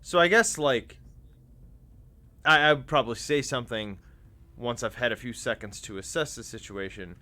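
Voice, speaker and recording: A man's voice: mid-range voice, normal speed, pauses often, bright, forceful tone. A man playing in a tabletop game, rambling and giggly as he describes his actions. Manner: rambling, giggly, restarts often. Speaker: player. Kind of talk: casual tabletop role-play.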